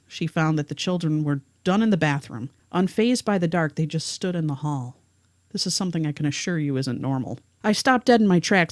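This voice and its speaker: A woman's voice: deep voice, a little mellow, no room sound. Podcast lady reading out a creepy first-hand story, dry sound, no room. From rural area. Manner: reads a first-hand account aloud. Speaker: podcast co-host. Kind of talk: narrated storytelling.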